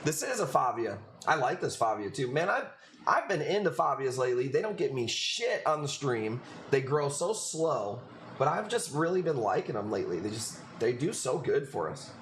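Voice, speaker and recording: Speaking in a fairly high, sing-song, somewhat bright voice at a moderate pace, a Chicago-accented man runs a live coral-selling stream. He chats in a casual, rambling way with lots of swearing, and there's slight background noise.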